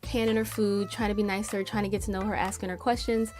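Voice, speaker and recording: A woman's voice: medium pitch, little pitch movement, quick pace, darkish tone. A woman telling a story in an easy, chatty way, her voice in a middle register. She slips into the people in the story, quoting them as she goes, and keeps saying "like". Faint music plays behind her. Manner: chatty, retells stories acting out quotes with frequent "like". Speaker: storytime host. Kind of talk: casual storytelling.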